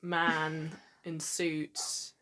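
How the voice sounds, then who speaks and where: A woman's voice: deep voice, monotone, sharp tone. A woman, co-hosting a podcast in casual chat, laughing often. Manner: chatty, laughs often, unhurried. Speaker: podcast co-host.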